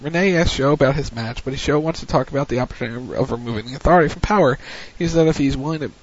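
Slightly rough and medium in pitch, a man recaps wrestling matches in a casual, rushed play-by-play. He keeps starting his sentences over. The recording sounds dull and lo-fi.

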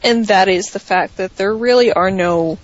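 A woman's voice: medium pitch, no echo, lo-fi sound. Thoughtful woman co-hosting a chat. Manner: thoughtful, measured, says her views at length. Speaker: podcast co-host. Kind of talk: casual chat.

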